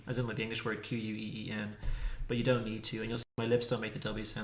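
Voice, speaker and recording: A man teaching a casual pronunciation lesson, repeating consonant sounds slowly to demonstrate them. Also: lowish voice, little pitch movement. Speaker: language teacher. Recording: echoey room.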